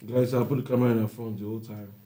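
A man's voice: lowish voice, level tone, rapid-fire, dark tone. A man from Nigeria, teasing his wife in casual banter on a couple's vlog. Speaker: vlog co-host. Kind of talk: casual chat.

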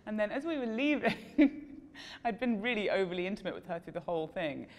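A woman with a mid-pitched voice recounts an awkward audition in a casual, lively way. She talks with self-deprecating humour and laughs at herself. A long reverb trails her voice, as if recorded in a hall. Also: a little fast. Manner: self-deprecating, animated storytelling with frequent laughs. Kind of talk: casual anecdote to camera.

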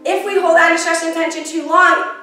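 A woman's voice: extremely high pitch, steady tone, a little fast, sharp tone. A woman teaching a yoga class, giving encouraging, chatty cues with playful asides to herself. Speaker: yoga instructor. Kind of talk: guided yoga class instruction. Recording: echoey room, from a distance, with music.

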